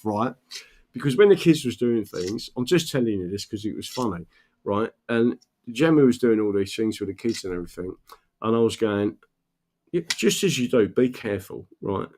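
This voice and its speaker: An older man, chatting casually and telling stories in a rambling way, swearing often and checking in with "right?". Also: lowish voice. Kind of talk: casual storytelling chat.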